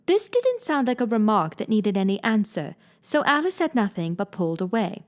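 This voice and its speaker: A woman reading a classic storybook aloud, narrating in an expressive, gently dramatic way. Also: medium pitch, normal speed. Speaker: reader.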